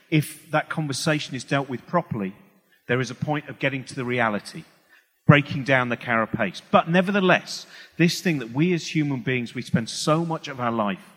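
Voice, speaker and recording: A man's voice: mid-range voice, a bit bright. A middle-aged man giving a comic talk on stage. He rambles, breaks off mid-sentence, and acts out the voices of the people he quotes. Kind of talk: stand-up style public talk. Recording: long hall reverb.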